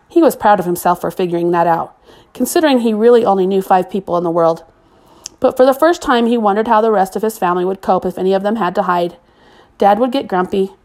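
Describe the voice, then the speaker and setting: A woman reading a novel aloud as an audiobook narrator, in a steady, expressive storytelling manner. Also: mid-range voice, fast talker.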